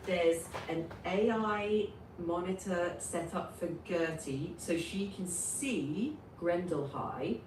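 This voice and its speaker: A woman improvising and narrating a silly school story in a slow, animated way, heard from a distance in a roomy, noisy space. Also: on the low side. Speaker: story co-writer.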